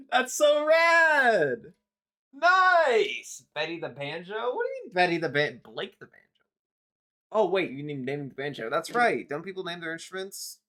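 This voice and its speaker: A streamer chatting casually on a live stream, excitable and swearing while tuning a banjo. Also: medium pitch, moderate pace, long pauses. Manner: excitable and profane, reacting while tuning an instrument. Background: faint banjo plucking.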